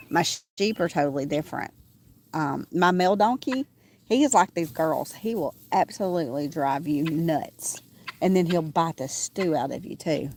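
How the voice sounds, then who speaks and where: A woman livestreams from her small farm, roosters crowing and animals audible in the background. She rambles casually, often saying "um," in a lowish, slightly mellow voice with lively intonation and a measured pace.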